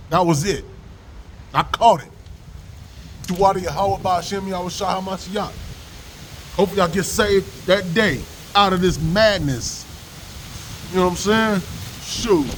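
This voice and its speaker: A man's voice: high-pitched, fairly bright tone, slight background noise, low-quality recording. A man giving a rambling, profane religious rant to camera, mixing slang with scripture readings. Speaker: vlogger preaching on scripture.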